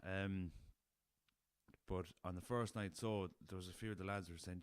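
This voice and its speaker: Deep-voiced Irish man telling yarns. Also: fairly even intonation, moderate pace, clean tone, no room sound, clean studio sound. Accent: Irish, west of Ireland. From Ireland. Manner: rambling anecdotal, swears freely, chuckles. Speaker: podcast host. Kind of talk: casual storytelling.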